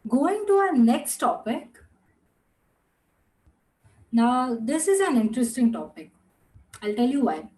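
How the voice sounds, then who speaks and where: A young woman teaching an online class, repeating words slowly and patiently and slipping into another language now and then. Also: sits high, very animated, mellow, poor audio.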